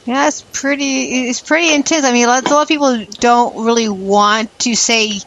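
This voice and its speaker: A woman hosts a casual chat in a loose, scattered way and laughs easily. Her voice sits a little high. There is faint noise behind her. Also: steady tone, a little slow, a bit bright, poor audio. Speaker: host.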